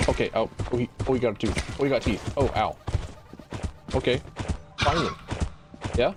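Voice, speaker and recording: A man's voice: medium pitch, lively intonation, normal speed, long pauses. A young man from the American South streaming a game, joking and swearing as he talks to himself and his chat. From Southern United States. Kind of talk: casual gaming stream commentary. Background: game music.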